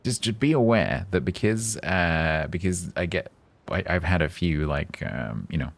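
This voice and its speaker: Male streamer, very low voice, rambling self-mocking banter into a desk mic. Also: lively intonation, unhurried, gravelly, no room sound. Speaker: game streamer. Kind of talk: casual live-stream chat.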